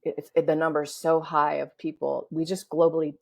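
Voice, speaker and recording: A woman guest on a podcast, calmly guiding a breathing exercise and explaining breathwork. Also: sits low, vocal fry, low-quality recording. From United States. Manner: calm, slow instructive guidance.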